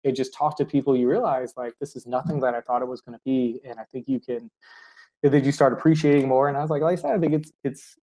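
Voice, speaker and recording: Fast-talking, animated teacher man. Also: medium pitch. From United States. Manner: animated storyteller, laughs often, acts out quotes. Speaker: high school German teacher, guest. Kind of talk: casual interview conversation.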